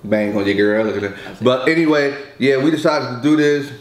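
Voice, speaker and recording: A man's voice: mid-range voice, normal speed, echoey room, rough recording. A man co-hosting a casual eating vlog, talking in a laid-back, rambling way and teasing his partner. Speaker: vlogger co-host. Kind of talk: casual mukbang vlog chat.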